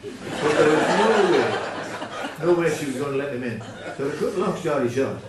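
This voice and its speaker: A man who is a folk singer telling a rambling comic story on stage in a deadpan manner, with frequent self-corrections. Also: on the high side, a little fast, very noisy. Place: live venue with audience. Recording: echoey room from far off.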